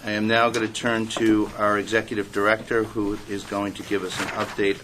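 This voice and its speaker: Guy chairing a meeting, lowish voice, lots of ums, clear hiss in the room. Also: monotone, brisk. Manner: formal procedural, frequent ums.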